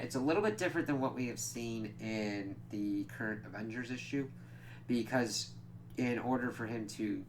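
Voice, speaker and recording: A man giving a casual spoken comic book review, retelling scenes with animated acted-out quotes and lots of "like". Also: on the low side, slight background noise. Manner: animated retelling, acts out characters' lines, frequent "like".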